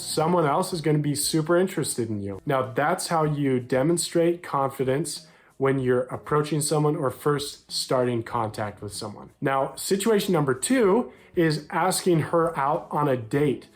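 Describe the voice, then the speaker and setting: A young American man coaches other men on dating, speaking directly to camera in an upbeat, straightforward way and acting out short quoted lines. His voice sits a little high, expressive, at a moderate pace.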